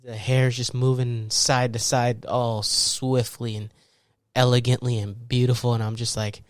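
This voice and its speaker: A man hosting a podcast, telling a long, animated story in a casual way and acting out the people in it with laughs and shouts. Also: medium pitch, moderate pace, no room sound, clean studio sound. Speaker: podcast host.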